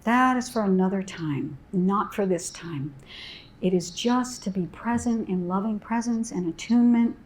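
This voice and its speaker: A woman parent educator telling a story to parents in a gentle, soothing way, with soft pauses. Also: medium pitch, slight background noise.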